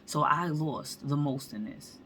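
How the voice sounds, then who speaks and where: Low-voiced woman doing a storytime, slangy and animated, acting out the quotes. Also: measured pace, slight background noise. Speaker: vlogger. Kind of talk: storytime monologue.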